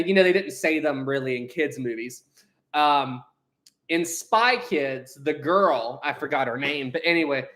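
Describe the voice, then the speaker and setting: A young man with a fairly high, fairly bright voice hosts a casual livestream. He rambles and laughs a lot while reading out Super Chats from viewers.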